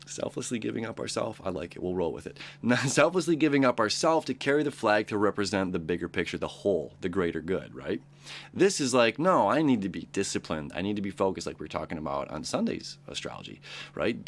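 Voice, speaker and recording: A man's voice: on the low side, a bit bright. A man hosting a daily astrology show, talking casually and rambling, acting out quoted friends along the way. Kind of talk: casual daily horoscope talk.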